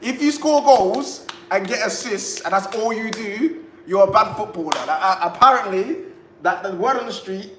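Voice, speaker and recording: A man's voice: sits high, lively intonation, normal speed, a bit bright. A man with a London accent co-hosting a football chat, with loose street slang and plenty of repeated, restarted words. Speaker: co-host. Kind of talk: casual chat. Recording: echoey room with faint hiss.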